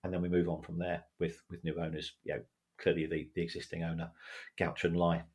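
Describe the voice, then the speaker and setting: A man with a gravelly, creaky voice that sits low, talking through football finance on a podcast. His delivery is casual and hesitant, with frequent restarts and repeated words as he explains. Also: monotone, fast talker, a little mellow. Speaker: football finance expert co-host.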